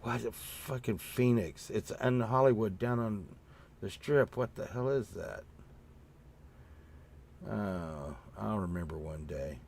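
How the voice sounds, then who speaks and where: Guy with a lowish voice rambling through food stories, lots of uh and you know, swears now and then. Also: slow pace, vocal fry, darkish tone, a little hiss or hum. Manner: meandering storytelling with swearing and many fillers; acts out his own past remarks in a raised voice. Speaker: host. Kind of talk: casual rambling chat.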